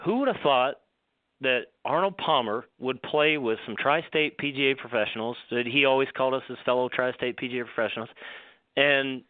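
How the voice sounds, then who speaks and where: A male golf professional, a guest, telling stories in a rambling, animated way with many restarts. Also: mid-range voice, brisk, dry recording. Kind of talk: storytelling on a radio show. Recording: dry phone line.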